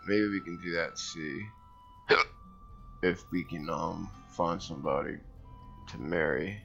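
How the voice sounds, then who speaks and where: Casually commenting as he plays a strategy game, a man reads the game's text, thinks aloud, and occasionally hiccups. His low, slow voice is gravelly yet bright and forceful. The highs are cut off, with faint music behind.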